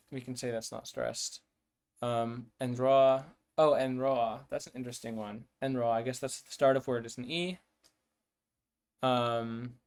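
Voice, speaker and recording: A man talks unhurriedly through his language-building work on a stream, pausing often and restarting his sentences. He sounds out invented words again and again as he weighs them. His pitch sits in an ordinary middle range. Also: smooth. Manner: hesitant, many fillers and restarts, sounds out words. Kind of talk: thinking aloud while working.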